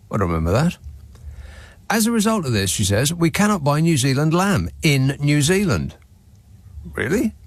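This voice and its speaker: On a late-night radio phone-in, a male talk show host reads texts and adds sardonic, dry asides. His voice is medium-pitched, captured on a studio microphone with no room sound.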